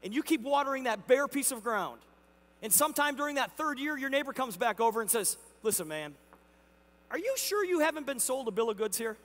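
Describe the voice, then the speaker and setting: A man with a very high voice gives a motivational keynote at a company convention. He tells the story with energy and acts out the back-and-forth with a neighbor himself. His voice carries a long reverb from a large hall. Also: lively intonation, fast, a bit bright. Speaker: company executive speaking at a convention.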